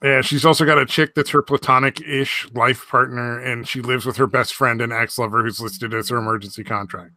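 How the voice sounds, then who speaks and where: A man's voice: mid-range voice, steady tone, brisk, hardly any pauses, sharp tone. A man hosting a casual podcast chat, talking crudely and sarcastically with a lot of swearing and frequent laughs. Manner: profane, sarcastic, laughs often. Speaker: podcast host.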